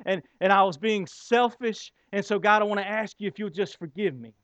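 A man preaches to his congregation in a notably high voice, building his points with rhetorical questions and pauses. The sound is dry and a little dull. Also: a bit bright, no room sound. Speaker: pastor. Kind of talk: sermon.

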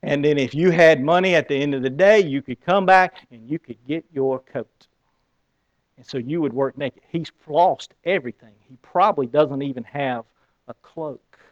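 A man with a Southern accent preaching a sermon, telling a story with lively acted-out scenes. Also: a little high, no room sound, dull audio. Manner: animated storytelling, acting out scenes. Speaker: pastor.

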